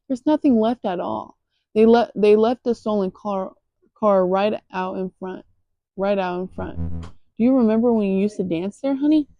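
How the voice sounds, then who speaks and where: A woman reading the lines of a fretful, doting mother in a soft, worried, coaxing voice. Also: medium pitch, moderate pace, dry recording, muffled recording, lightly acted.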